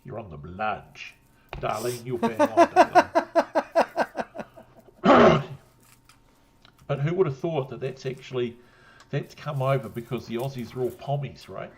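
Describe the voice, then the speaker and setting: A man's voice: mid-range voice, expressive, unhurried, vocal fry, long pauses. A man with a New Zealand accent chatting casually on a stream, rambling, swearing and laughing often after a drink. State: had a drink. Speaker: guest on a livestream. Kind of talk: casual chat.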